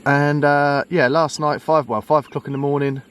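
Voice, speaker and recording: A man chatting casually to camera while fishing outdoors, relaxed and easygoing, calling his friend mate. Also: on the high side, moderate pace, slight background noise. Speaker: vlogger and angler. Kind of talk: casual fishing vlog chat. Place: lakeside fishing swim outdoors.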